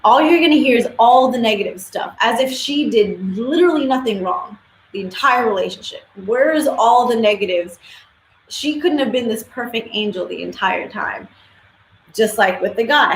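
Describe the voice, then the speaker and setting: A woman's voice: a little high, expressive, moderate pace, slight background noise. Blunt, swearing woman streamer, echoey room. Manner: blunt, opinionated, swears freely. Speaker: livestream host. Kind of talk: casual live-stream commentary. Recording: echoey room with faint ambience.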